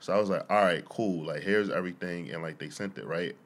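A man's voice: low-pitched, brisk. A young man telling a long story in casual podcast chat, with many fillers and laughs at the punchlines. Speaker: podcast co-host.

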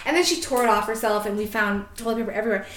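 A woman on a podcast telling a story in a casual, animated way, swearing freely and laughing often. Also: mid-range voice, very fast, roomy sound. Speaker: podcast host.

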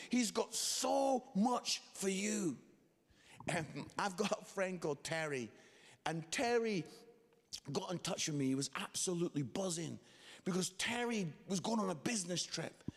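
A man preaching a sermon, telling a story with lively, animated delivery and quoted voices. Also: high-pitched, a little slow. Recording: long hall reverb.

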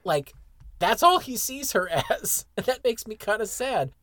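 A podcast co-host in casual chat, animated and laughing often while recounting favorite moments. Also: male voice, sits high, a little slow.

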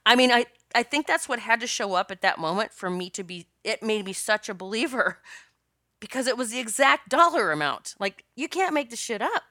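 A woman who works as a spiritual coach hosts her own podcast, telling a personal story in a chatty, rambling way with many restarts and laughs. Her slightly high voice is expressive, pushed and bright, at a normal speed. The sound is clean studio audio with no echo.

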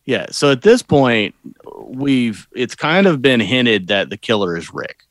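A man's voice: medium pitch, expressive, unhurried, no echo. A man co-hosting a podcast who discusses a movie with dry, matter-of-fact remarks. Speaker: podcast co-host.

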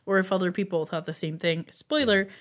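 A woman's voice: medium pitch, brisk. A woman co-hosting a podcast, chatting casually and dropping wry, dry asides. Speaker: podcast co-host. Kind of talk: casual chat.

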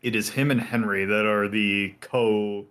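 A man's voice: on the low side, fairly even intonation, normal speed, fairly bright tone. A man acting as game master of a tabletop role-play game. He explains things hesitantly, with lots of fillers and restarts. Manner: hesitant, full of fillers, explains rules at length.

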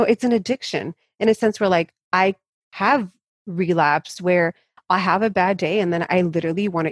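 Frank, low-voiced woman fitness coach. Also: dry recording. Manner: frank, emphatic, speaks in rushes. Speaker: fitness coach and interview guest. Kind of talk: candid interview talk.

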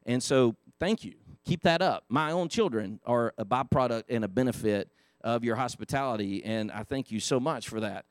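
A man's voice: medium pitch, normal speed, dry recording, clean studio sound. A man teaching a Sunday school Bible lesson in a church classroom, talking with the class and asking them questions. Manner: conversational, asks the class questions.

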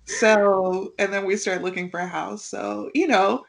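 A young woman co-hosting a podcast in casual chat, telling stories with lively acted-out quotes and frequent laughter. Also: medium pitch, a little slow, vocal fry. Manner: animated storyteller, acts out quotes, laughs often. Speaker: podcast co-host.

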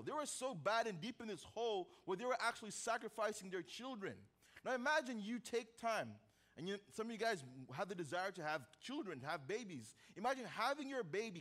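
A young man preaching from the pulpit uses a high, light voice and tells his story with energy. Loud moments give way to near-hushes and back again, while he keeps joking casually with the congregation.

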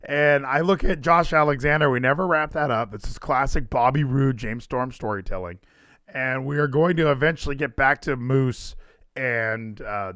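A man hosting a casual wrestling chat, animated and chatty, laughing often. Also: medium pitch, no room sound, studio quality. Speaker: podcast host.

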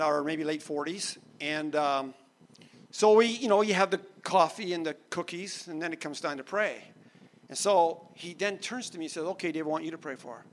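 A man preaching, telling his own story in an animated way, going quiet for the serious parts. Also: high-pitched, a little hiss or hum. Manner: animated storyteller, laughs, drops soft for serious moments. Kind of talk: sermon storytelling.

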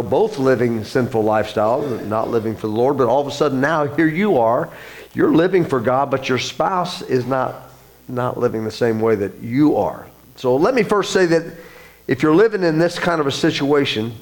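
A man preaching as a church pastor, earnest, with frequent fillers and restarts, his voice rising higher as he presses a point. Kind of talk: sermon.

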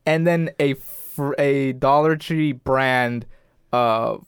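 A man's voice: medium pitch, slow pace, clean tone, no echo, clean studio sound. A young man in his twenties telling a story in casual chat, rambling with many fillers and restarts. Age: 20s.

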